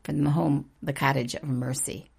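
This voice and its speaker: Very low gravelly-voiced woman. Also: fairly even intonation, moderate pace, a little mellow. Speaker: co-author discussing the story. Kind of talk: casual discussion.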